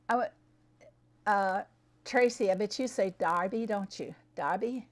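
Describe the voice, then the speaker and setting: A woman streams a farming game in casual live-stream chat, answering viewers by name and laughing often. Her medium-pitched voice is unhurried.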